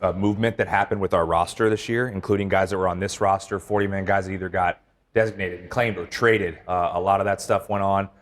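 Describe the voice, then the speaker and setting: A middle-aged man, a baseball team manager, talking casually in an interview, relaxed and rambling with many fillers and restarts. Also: low voice.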